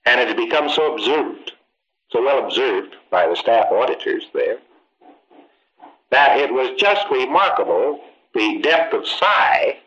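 Male lecturer, bright and pointed, emphatic, quips and rhetorical asides, dull old tape. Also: medium pitch. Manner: emphatic, acts out exchanges, rhetorical questions. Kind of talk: informal training lecture.

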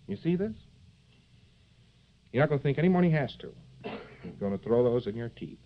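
Heard through a dull, lo-fi old lecture tape, a medium-pitched man speaks at normal speed and sounds very animated. His live lecture is rambling and jokey, full of digressions, fillers, and rhetorical asides like "see?"

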